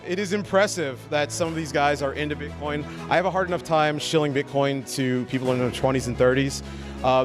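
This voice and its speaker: A man hosting a comedic awards segment on a conference stage, joking, stammering, reading out quotes. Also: on the high side. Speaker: awards host. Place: conference stage with music playing. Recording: music in the background.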